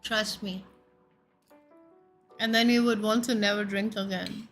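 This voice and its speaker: A woman's voice: mid-range voice, fairly even intonation, unhurried, soft background music. A young woman streaming, chatting casually and playfully with her chat and stumbling over tongue-twisters.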